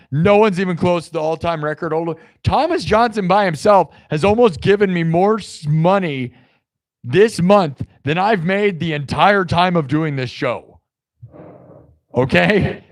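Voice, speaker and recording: Chatty livestream host, a man. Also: fairly high pitch. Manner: chatty and loose, heavy on "like" and "dude". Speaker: livestream host of an improvised music show. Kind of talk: casual chat reading live comments.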